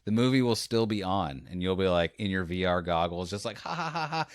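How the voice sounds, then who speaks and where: Low-voiced man telling stories on a podcast. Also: brisk, clean tone, no room sound, studio quality. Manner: animated storyteller, acts out scenes. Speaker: podcast host. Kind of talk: casual podcast chat.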